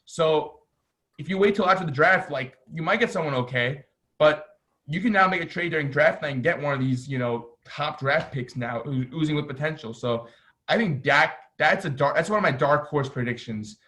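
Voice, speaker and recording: A young man co-hosting a casual sports podcast, talking in an excitable, rambling way full of "like"s. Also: fairly high pitch, normal speed. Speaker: podcast co-host.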